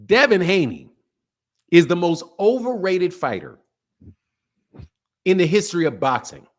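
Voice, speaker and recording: A man hosting a live boxing stream, trash-talking brashly, laughing often and swinging from loud outbursts to low mutters, with speech. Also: big pitch swings, unhurried. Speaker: boxing channel host. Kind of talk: live stream commentary with viewer chat.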